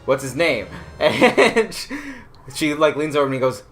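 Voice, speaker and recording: Bright-voiced young man telling a story. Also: fairly high pitch, very animated, a little slow, faint music behind. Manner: rambling, filler-heavy, laughs through the tale. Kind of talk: casual chat, telling a personal story.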